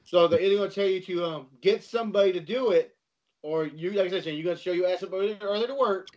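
A man chatting casually, telling an animated story full of swearing and acted-out voices. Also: sits high, fast. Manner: animated storyteller, swears freely, acts out others. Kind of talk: casual chat. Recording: slightly dull lo-fi sound.

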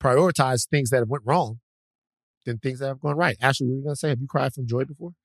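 A man's voice: medium pitch, fast, no room sound, studio quality. A man co-hosting a podcast in casual chat, joking and emphatic. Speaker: podcast co-host.

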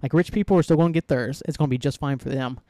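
A man's voice: medium pitch, steady tone, rapid-fire, dark tone, dry recording. A man hosting his own solo podcast, talking casually and ranting heatedly, swearing a lot and rambling with many fillers. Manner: heated, profane, rambling with frequent "like". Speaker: podcast host.

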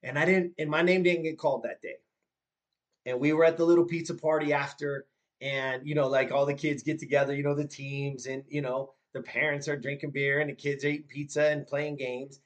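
Animated fifty-year-old storyteller. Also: male voice, on the high side, a little fast. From Southern California. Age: 50s. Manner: animated, repeats himself when moved, acts out his mom's lines. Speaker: guest. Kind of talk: storytelling in a podcast conversation.

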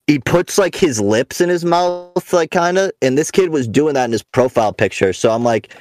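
A man's voice: mid-range voice, dry recording. Young male podcast host, swears a lot, rambling mocking rant, dry close sound. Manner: profane, rambling storyteller; mocking, ranting. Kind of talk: casual podcast chat.

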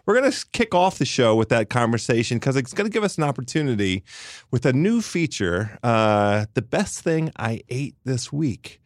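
Animated man hosting a food podcast. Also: medium pitch, moderate pace, no echo, clean studio sound. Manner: animated and hammy, playful banter. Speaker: podcast host. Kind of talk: casual food podcast chat.

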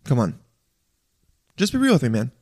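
A man delivering an animated, profane rant in a casual monologue, stammering and restarting often. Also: mid-range voice, normal speed. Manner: profane, exasperated, animated ranting.

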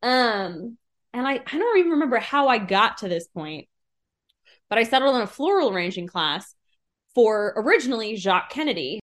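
A woman's voice: a little high, sing-song, a little fast, fairly bright tone. A woman voice actor casually rambling through a behind-the-scenes story about writing a sketch. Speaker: voice actor and writer.

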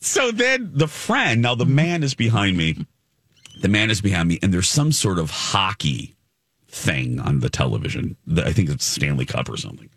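A man's voice: low-pitched, moderate pace, breathy edge, dry recording. A man co-hosting a casual podcast chat, telling a funny story with lots of energy and acting out the people in it. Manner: animated storyteller, acts out voices of people in the story. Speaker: podcast co-host.

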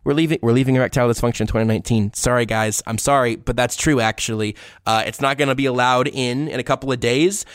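A man's voice: medium pitch, fairly even intonation, fast, hardly any pauses, clean tone, dry recording, clean studio sound. A man hosting a sports podcast, reading a sponsor ad in a rambling, jokey way that trails off into awkward asides. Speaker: podcast host. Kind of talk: casual chat with a read-out sponsor ad.

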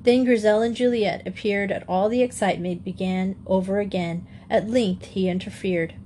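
A woman reading a classic children's novel aloud as an audiobook narrator, in a steady storytelling manner. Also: medium pitch, moderate pace, slight background noise. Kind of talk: scripted narration.

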